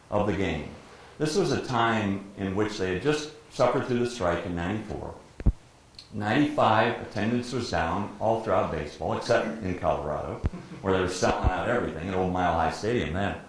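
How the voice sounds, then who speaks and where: An older sportscaster from Detroit tells his stories to a gathering, his somewhat low voice bouncing around a very echoey room. He acts out what others said and laughs often, with a faint hum of noise behind him. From Detroit, USA. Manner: lively storyteller who acts out quotes and laughs often. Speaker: guest speaker, professional sportscaster. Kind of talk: anecdotal storytelling talk.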